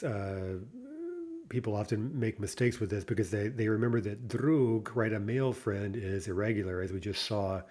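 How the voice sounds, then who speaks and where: A man teaching a recorded Russian language lesson, explaining patiently, pausing on "uh", and checking in with "right?". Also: on the low side, mellow. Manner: thinks aloud with frequent "uh" pauses.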